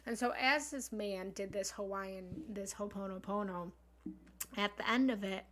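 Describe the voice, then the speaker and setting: A woman's voice: mid-range voice, a little slow, fairly bright tone. A woman spiritual love coach speaking earnestly on a live stream, meandering with many fillers as she explains a prayer.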